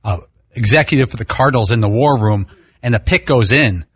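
A man in his panel seat gives his takes in a husky, mid-pitched voice. He sounds measured and tends to restart his sentences before he gets going. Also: no room sound. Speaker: radio panelist. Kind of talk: sports talk radio banter.

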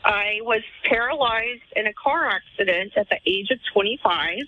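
A woman's voice: medium pitch, expressive, moderate pace, pushed and bright. A woman on the phone to a radio show, heard through a dull, muffled line. She speaks earnestly and at length, with a few ums along the way. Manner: earnest, explains at length with fillers. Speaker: caller. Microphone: telephone.

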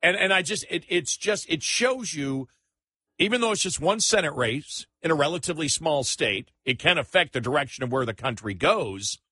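A male talk radio host talks politics in a bright, pushy tone. He sounds incredulous and stammers into restarts. The studio sound is close and dry. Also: on the high side, lively intonation, normal speed, husky, dry recording.

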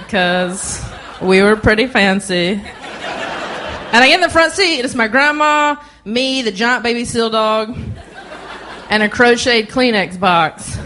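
Southern-accented woman comic, slightly high voice, lively stage delivery, noisy live recording. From North Carolina. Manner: animated storytelling with quick asides. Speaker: stand-up comedian. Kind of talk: stand-up comedy. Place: comedy club stage.

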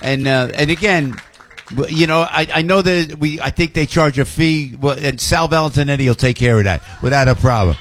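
An older man hosting a radio show, talking in loud, animated banter full of laughs and shouts. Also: a little high, brisk. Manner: excitable, shouting and laughing, New York showman banter. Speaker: radio host.

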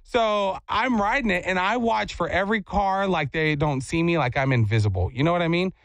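A man hosting a talk show, telling a story in a casual, animated way and acting out the people in it with jokes. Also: sits high, a little fast, dry recording. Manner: animated, acts out quotes, jokey.

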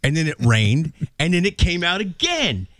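A man's voice: fairly high pitch, moderate pace, no room sound. A man co-hosting a radio morning show, joking and ranting in casual on-air banter from the studio. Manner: animated, jokey ranting. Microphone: studio microphone.

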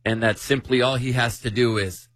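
A man leads a casual group chat, playful and chatty as he quizzes the others. His voice sits at an ordinary pitch. The sound is close and dry. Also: fairly even intonation, moderate pace, a bit bright, no room sound. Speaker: host.

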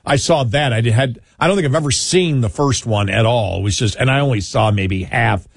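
A man's voice: mid-range voice, fairly quick, vocal fry, dry recording, studio quality. A man hosting a casual political talk show, rambling through anecdotes with many restarts and chuckles. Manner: rambling, self-interrupting, chuckling storyteller. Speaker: radio talk show host.

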